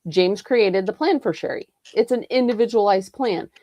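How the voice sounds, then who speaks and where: A woman's voice: medium pitch, normal speed, dark tone, no room sound. Earnest woman, dry close sound. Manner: earnest, explanatory, frequent "right?" and "you know". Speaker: roundtable participant, health coach. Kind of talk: casual roundtable chat.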